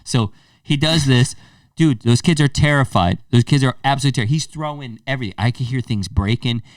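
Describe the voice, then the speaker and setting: Young male podcast co-host, lively storyteller, dry room, a bit off-mic. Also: medium pitch, a little fast, no echo, far from the mic. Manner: animated, swearing, acts out quoted lines. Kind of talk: casual storytelling chat.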